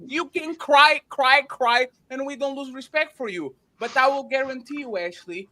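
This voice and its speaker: A man's voice: extremely high pitch, normal speed, pushed and bright. A man hosting a podcast, arguing emphatically in a heated debate, interrupting and repeating himself.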